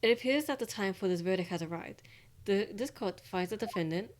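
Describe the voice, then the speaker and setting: Woman reading as a halting old judge. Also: mid-range voice, noisy background, close to an everyday voice. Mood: formal. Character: hesitant older male judge.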